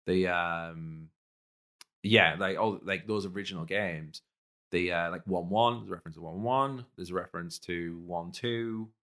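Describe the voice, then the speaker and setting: A man's voice: low-pitched, normal speed, a bit bright. A man co-hosting a podcast, chatting casually and enthusiastically about films, with rambling sentences. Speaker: podcast co-host. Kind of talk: casual chat.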